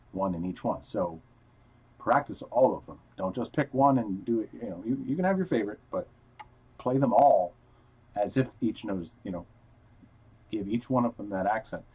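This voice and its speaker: A man with a lowish, animated, darkish and husky voice speaks at normal speed in poor audio. Teaching guitar on a casual livestream, he explains each step and counts notes aloud while playing, using headphones and a wired mic, with guitar in the background.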